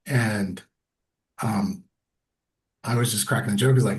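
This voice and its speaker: Sharing personal stories as a guest, this middle-aged man is candid and pokes fun at himself, imitating the voices of people he quotes. He speaks at normal speed in a fairly low pitch and pauses often.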